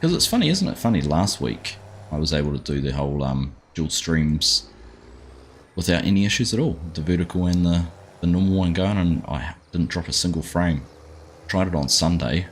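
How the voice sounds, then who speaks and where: A middle-aged Australian gaming streamer talks at a moderate pace in an extremely low voice, casually greeting viewers by name and calling them mate. A bit of hiss or hum is audible.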